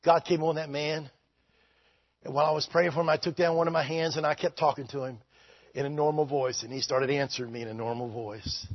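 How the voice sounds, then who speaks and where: A man preaching a revival sermon as pastor, shouting with fervor and repeating phrases. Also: a little high, steady tone, fairly quick, dry recording, lo-fi sound.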